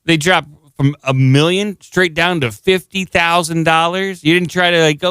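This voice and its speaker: A man's voice: fairly high pitch, steady tone, normal speed, hardly any pauses, a bit bright, clear, resonant tone, no echo. A man co-hosting a podcast, reading a news story aloud with sarcastic, jokey asides. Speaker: podcast co-host. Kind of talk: casual chat, reading a news article aloud.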